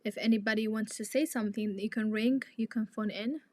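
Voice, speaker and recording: A woman's voice: a little high, steady tone, fairly quick, darkish tone, no room sound. A young woman, a native Tigrinya speaker, hosting a live chat and talking to her viewers in an outspoken, indignant way. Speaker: live stream host.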